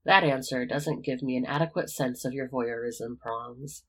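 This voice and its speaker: Bold, teasing schoolboy wizard with a dry wit and a husky edge, read by a storyteller. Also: medium pitch, normal speed, natural voice.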